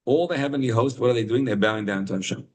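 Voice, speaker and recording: A husky-voiced man leads an informal Torah class over a video call. He tells stories with growing excitement, sometimes climbing high in pitch to drive a point home. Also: rapid-fire, rough recording. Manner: animated storytelling, rising to high excited emphasis. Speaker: rabbi teaching a class.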